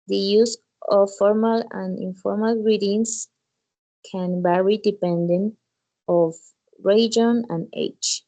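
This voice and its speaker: A woman student reads an English passage aloud at a slow, careful pace. Her voice is mellow and soft, and she makes small slips as she reads. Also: mid-range voice, rough recording. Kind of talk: reading a text aloud in class.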